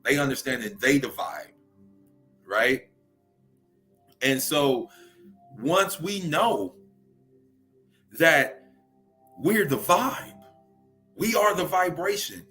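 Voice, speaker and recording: A man's voice: fairly high pitch, very animated, slow pace, long pauses, sharp tone, faint music behind. A young man from Louisiana with a Southern accent hosts a spiritual livestream talk in a preachy way, often asking "right?" to check in with his viewers.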